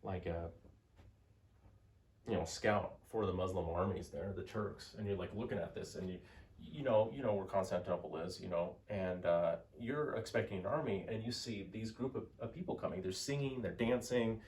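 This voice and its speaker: A man's voice: deep voice, moderate pace, distant mic. Chatty male history teacher. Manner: animated, chatty, many fillers. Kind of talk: history lecture storytelling.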